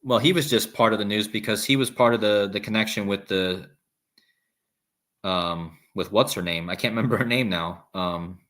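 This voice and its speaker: Male livestream host, low-pitched, loose and rambling, reads chat. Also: normal speed, a bit bright. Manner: rambling, restarts, reads viewer comments aloud. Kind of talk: casual live-stream talk reading chat.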